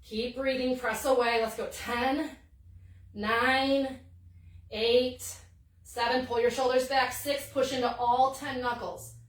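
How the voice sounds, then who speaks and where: A woman's voice: high voice, flat delivery, takes it slowly, roomy sound, far from the mic. A woman leading a workout as a fitness instructor, upbeat and encouraging as she counts through the exercise, a little out of breath. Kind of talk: live-streamed workout coaching.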